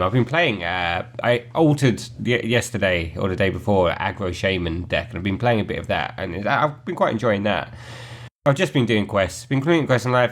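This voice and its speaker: A man's voice: on the low side, fairly quick, a bit bright. A young man co-hosting a casual gaming podcast, rambling and laughing, with casual swearing. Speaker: podcast co-host.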